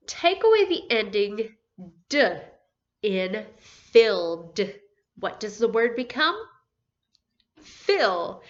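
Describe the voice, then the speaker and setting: A woman teaching a phonics lesson to first graders, speaking slowly and clearly, sounding out letters and praising answers. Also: mid-range voice, pushed and bright, dull audio. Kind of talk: phonics lesson for young children.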